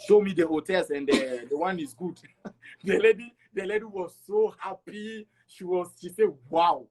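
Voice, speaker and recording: A middle-aged man from Togo, an interview guest, telling his travel story in an animated way and acting out the dialogue. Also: sits high, moderate pace, gravelly. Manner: animated, acts out dialogue with repeats.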